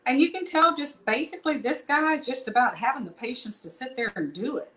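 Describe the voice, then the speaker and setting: A woman's voice: high-pitched, lively intonation, a little fast, fairly bright tone, rough recording. A middle-aged woman gives a casual painting tutorial, chatting and rambling in folksy asides while she works. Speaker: painting instructor.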